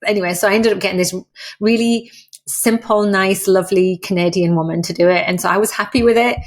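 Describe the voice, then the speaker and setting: A woman's voice: medium pitch, fairly even intonation, fast talker. A woman, a guest in a casual interview, talking in a chatty, candid and self-deprecating way with frank slang. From England. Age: 50s. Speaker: guest, personal trainer and author.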